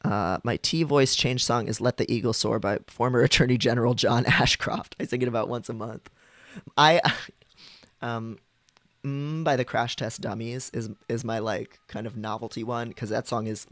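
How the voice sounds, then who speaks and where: A man's voice: medium pitch, dry recording. Chatty man, dry close sound. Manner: chatty and explanatory, demonstrating vocal registers, many fillers. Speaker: streamer. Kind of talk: casual live-stream chat.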